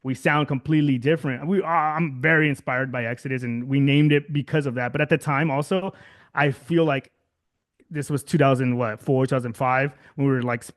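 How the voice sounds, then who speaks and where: A guest musician in his thirties, from Southern California, chats casually in an interview with a mid-range, fairly evenly intoned voice at a slightly fast pace. He rambles, restarts repeatedly, fills gaps with fillers, and laughs often.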